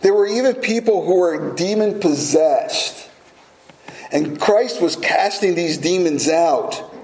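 A man's voice: high voice, animated, slow, a little mellow. A man preaching a sermon, telling a personal story with small laughs and restarts before coming back to the scripture. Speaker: pastor. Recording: echoey room.

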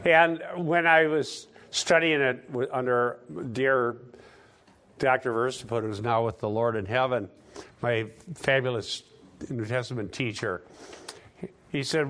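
A man's voice: medium pitch, fairly even intonation, unhurried, a bit bright. A man preaching a sermon, teaching conversationally with sarcastic asides and building emphasis.

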